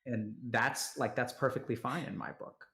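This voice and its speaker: A man speaking supportively on a video call, halting and repeating words as he starts his sentences. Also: mid-range voice, steady tone, gravelly, sharp tone. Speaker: guest counselor on a stream. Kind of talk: supportive conversation. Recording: roomy echo.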